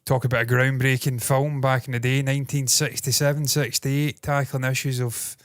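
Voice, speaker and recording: A man's voice: medium pitch, flat delivery, moderate pace, no room sound, studio quality. A man in his thirties co-hosting a casual podcast, rambling, laughing and swearing freely. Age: 30s. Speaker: co-host. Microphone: loose desk mic.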